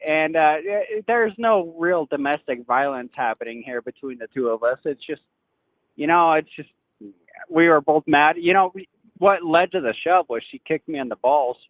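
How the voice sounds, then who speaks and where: A man's voice: on the high side, moderate pace, dry recording. Defensive man on a tinny phone line. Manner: rambling and defensive, trailing off. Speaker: caller. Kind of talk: phone call to a podcast.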